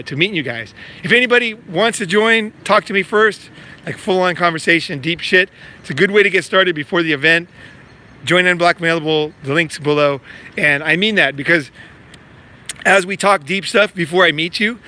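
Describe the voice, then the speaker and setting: A man's voice: fairly high pitch, bright, forceful tone. A man vlogging in casual, rambling talk, swearing freely and stacking fillers and repeats. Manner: profane, filler-heavy, repeats himself. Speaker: vlogger promoting a meetup.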